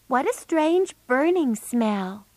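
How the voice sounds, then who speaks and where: A woman's voice: high-pitched, big pitch swings, takes it slowly, no room sound, pitched above the performer's own voice, heavily acted. A woman voicing a prim, reassuring young girl in a storybook.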